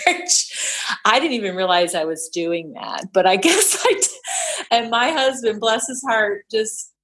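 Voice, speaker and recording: A woman's voice: medium pitch, fairly bright tone. A middle-aged woman talking casually as a podcast guest, chatty with frequent restarts and laughter. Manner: chatty, many restarts and fillers, laughs often. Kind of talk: casual chat.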